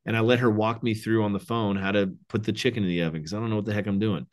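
A man who is a guest and men's coach on a podcast, telling animated stories and acting out quoted lines, growing excited as he talks. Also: lowish voice, very fast. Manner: animated storyteller, quoting others, excited. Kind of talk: casual interview chat.

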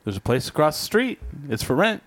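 Animated man telling a story. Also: a little high, fairly quick. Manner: animated, swearing, laughing while telling a story. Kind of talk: casual storytelling.

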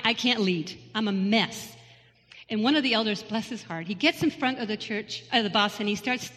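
A woman's voice: fairly high pitch, pushed and bright, in a large hall. A woman giving a personal testimony to a church congregation, telling her story earnestly and asking the listeners rhetorical questions. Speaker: lay speaker giving a testimony. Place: church sanctuary.

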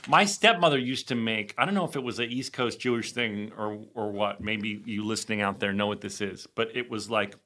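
A man co-hosting a podcast in casual chat, animated and joking, swearing freely. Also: on the low side, brisk, hardly any pauses. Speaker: podcast co-host.

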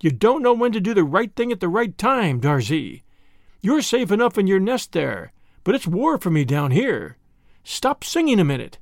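A brave, quick male mongoose snaps out orders, curt and impatient, as a man voices him in a storybook reading. The voice is raised and lively with some gravel in it, and it is recorded dry and close. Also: high-pitched, dry recording.

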